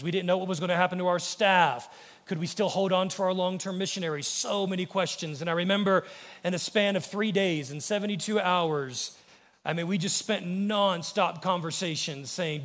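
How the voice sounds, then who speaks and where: American pastor guy preaching, fairly high voice, earnest, goes quiet and low on the quotes, big church echo. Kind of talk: sermon. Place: church sanctuary.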